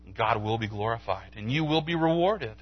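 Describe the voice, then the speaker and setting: Animated pastor preaching a sermon. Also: male voice, a little fast, muffled recording. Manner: animated storytelling, acts out dialogue with pitch jumps. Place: church sanctuary.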